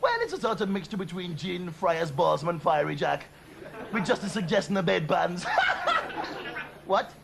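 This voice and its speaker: Brash comic host, high gravelly voice, music under, phone-call gag. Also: male voice, very animated, normal speed, long pauses, noisy background. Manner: brash, cheeky, boastful. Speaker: comedy presenter doing a prank phone call sketch.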